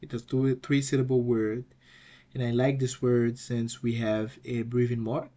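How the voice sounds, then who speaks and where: A man teaching an online language lesson. He often restarts and repeats words, and he says example words loudly twice. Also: mid-range voice, flat delivery, dull audio. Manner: halting, restarts and repeats words while explaining.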